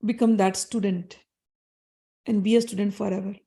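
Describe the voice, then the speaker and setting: A woman, a spiritual teacher who tells devotional scripture stories in an animated, expressive way. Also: medium pitch, gravelly. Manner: animated, expressive, chants Sanskrit verses rapidly.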